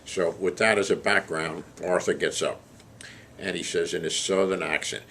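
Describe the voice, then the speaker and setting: A man telling anecdotes about a roast, animated and chuckling as he delivers the jokes. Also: deep voice, moderate pace, a little hiss or hum. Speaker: storyteller recalling a celebrity roast. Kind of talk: anecdotal storytelling.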